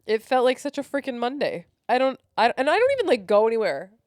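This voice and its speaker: Young woman, podcast co-host, lively pitch swings, dry close sound. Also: quick pace, no room sound. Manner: laughs easily, chatty reactions. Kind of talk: casual chat.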